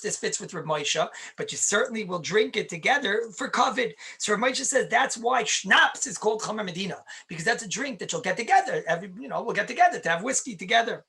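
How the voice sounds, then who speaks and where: A man's voice: high voice, creaky, sharp tone. A man, a rabbi, teaching Jewish law in a conversational lecture, stressing points by repeating them and answering his own questions.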